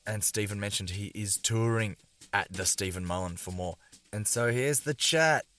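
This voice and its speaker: A man hosting a comedy podcast, introducing the episode and chatting with quick jokes. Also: fairly low pitch, a bit bright. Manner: chatty, quick with joking interjections. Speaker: podcast host. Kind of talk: podcast intro and casual chat.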